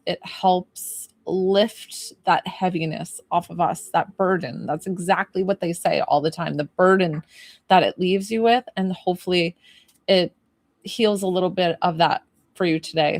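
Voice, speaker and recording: A woman working as a psychic medium, giving an emotional livestream reading in long, rambling sentences. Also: lowish voice. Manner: relays messages as she hears them, quoting the spirit.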